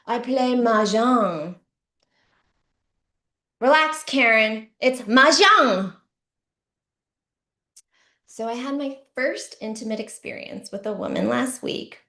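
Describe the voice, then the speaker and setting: A middle-aged woman performing a stand-up comedy set, with deadpan punchlines and sudden shouty bursts. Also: medium pitch. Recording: roomy echo.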